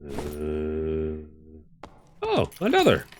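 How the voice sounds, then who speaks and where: A man streaming a game, giving casual, excitable commentary with swearing and bursts of laughter. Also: very deep voice, very slow, a little hiss or hum.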